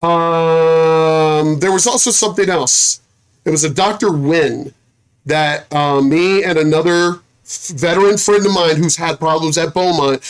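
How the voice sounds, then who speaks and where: Veteran ranting a story, cussing a lot, trips over words, middle pitch. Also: smooth. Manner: blunt, heavy swearing, retells conversations; restarts and repeats phrases when worked up. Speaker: military veteran telling a personal story. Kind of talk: casual storytelling rant.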